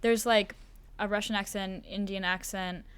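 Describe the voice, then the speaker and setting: A woman's voice: mid-range voice, fairly even intonation, normal speed, slight background noise. A teenage girl answering interview questions in casual, thoughtful chat with some hesitant fillers. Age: teens. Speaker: student actor, interview guest. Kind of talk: casual chat on a school podcast.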